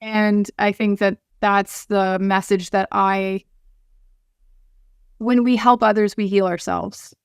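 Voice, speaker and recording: Earnest woman talking from the heart on a podcast, smooth voice, dry close sound. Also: medium pitch, no room sound. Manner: earnest, heartfelt, halting with restarts. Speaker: guest.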